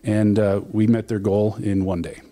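A man's voice: lowish voice, flat delivery, moderate pace, warm tone. A man talking as a studio guest, telling stories with enthusiasm and frequent fillers. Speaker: alumni relations director, guest. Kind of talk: casual studio conversation. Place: radio studio.

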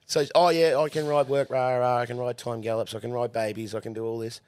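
A man's voice: medium pitch, brisk, smooth, no room sound. An Australian man telling crude, swear-filled stories in casual podcast chat and laughing his way through them. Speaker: horse trainer guest. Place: studio.

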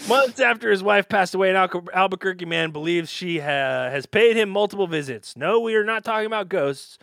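A man's voice: sits high, fairly quick, creaky, fairly bright tone, no room sound, clean studio sound. A man co-hosting a casual comedy podcast, joking, laughing often and reading news stories aloud. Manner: jokey, laughs often, reads articles aloud. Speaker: podcast co-host.

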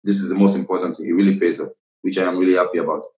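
A man's voice: low-pitched, fairly even intonation, very fast, a little mellow. A young man from Nigeria with a Nigerian accent, speaking as a guest in a casual interview, earnest and repeating phrases as he searches for words. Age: young adult. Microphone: remote call. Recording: roomy remote call.

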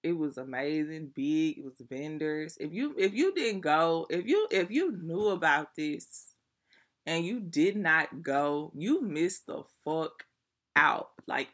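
A young adult woman talks straight to her audience in a loose vlog style. Her voice is bright and forward. She tells her stories animatedly, with plenty of slang and swearing. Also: low-pitched. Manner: animated, profane, chatty slang-filled storytelling. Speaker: vlogger. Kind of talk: casual storytelling to viewers.

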